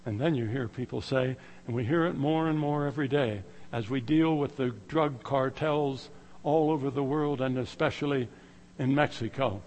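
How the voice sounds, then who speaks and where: A middle-aged man preaching a sermon, swinging between loud exclamations and hushed, slow lines. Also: mid-range voice, breathy edge, big-room sound.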